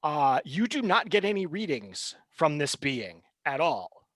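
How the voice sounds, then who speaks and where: A man narrating a tabletop game as game master, brisk and relaxed, with fillers. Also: a little high, dry recording.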